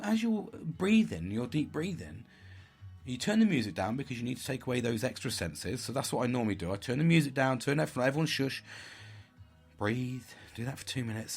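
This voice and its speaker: A man's voice: mid-range voice, breathy edge. A middle-aged man giving a candid vlog monologue, blunt and frank, with heavy swearing. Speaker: vlogger.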